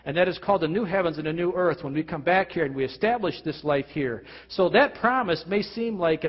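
Male pastor, slightly high husky voice, earnest sermon, lo-fi hall recording. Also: fairly quick, few pauses. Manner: earnest preaching with frequent restarts and rhetorical questions. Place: church hall. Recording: lo-fi recording with long hall reverb.

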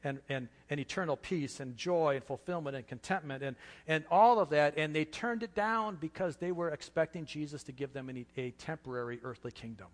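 A man preaching a sermon with passion, dropping to a hush and then rising loud, in a church. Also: on the high side, a little fast, few pauses, big-room sound. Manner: impassioned, swings from hushed to loud. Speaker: pastor.

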